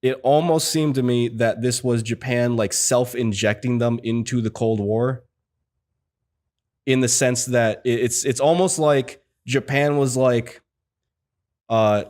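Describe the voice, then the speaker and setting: A man's voice: mid-range voice, unhurried, darkish tone. A man hosting a casual film podcast, talking in a rambling way with lots of fillers and restarts. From United States. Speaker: podcast host.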